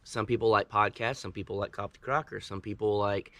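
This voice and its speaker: Guy co-hosting a chill chat in the woods, lowish voice, rambly and jokey. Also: fairly even intonation, fairly quick, fairly bright tone, no echo. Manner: rambling, joking, filler-heavy. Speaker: co-host. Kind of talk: casual chat. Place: outdoors in the woods.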